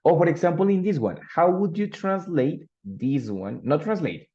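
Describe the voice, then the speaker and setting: A man's voice: on the high side, animated, normal speed, warm tone. A man teaching an English class, explaining grammar with frequent tag questions like "right?" and "ready?". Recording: dull lo-fi audio.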